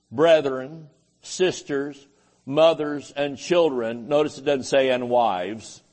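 A pastor preaching with a slightly high-pitched voice. He takes his time, drawing words out slowly, and drops jokes and amens between lines of scripture. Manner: joking, folksy preaching with frequent amens. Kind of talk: sermon.

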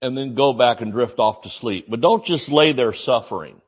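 Preacher guy telling funny stories in a sermon, gets excited and yells, bit muffled recording. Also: mid-range voice, moderate pace, slightly rough.

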